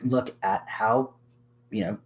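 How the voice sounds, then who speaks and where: A man's voice: lowish voice, fairly even intonation, slow. A man presenting an educational workshop to camera in a casual, chatty way, with many "you know" fillers. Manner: gestures a lot with his hands while talking. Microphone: recorded for a video.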